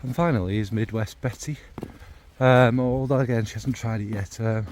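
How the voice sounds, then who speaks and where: Male vlogger, rambling casual delivery, middle pitch, soft background hiss. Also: normal speed. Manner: rambling, warm and enthusiastic about scents. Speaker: fragrance vlogger. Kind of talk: casual rambling chat to camera.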